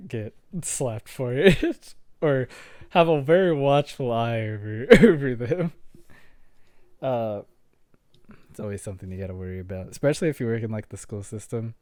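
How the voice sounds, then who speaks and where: A man's voice: lowish voice, darkish tone, no echo, studio quality. A man co-hosting a casual podcast, rambling and joking with frequent laughter. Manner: laughs often, rambling and jokey. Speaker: podcast co-host and streamer. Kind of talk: casual chat.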